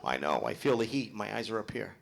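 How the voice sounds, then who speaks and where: A middle-aged man working a live crowd with brash, profane jokes and teasing. His voice is gravelly, and it leaps all over the place in pitch. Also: sing-song, brisk, background noise. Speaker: stand-up comedian. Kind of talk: live stand-up comedy with crowd work.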